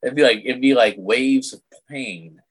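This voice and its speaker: A man's voice: medium pitch, measured pace, husky. A middle-aged man chatting as a podcast guest over a video call, blunt and crude with plenty of jokes. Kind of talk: casual podcast chat.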